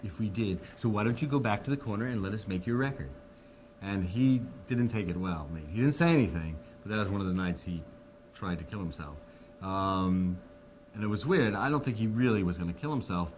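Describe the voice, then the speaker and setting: A man's voice: lowish voice, a little hiss or hum. A man in his fifties, interviewed, telling a long story and acting out the people he quotes. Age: 50s. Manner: animated, acts out the people he quotes. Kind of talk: anecdotal storytelling.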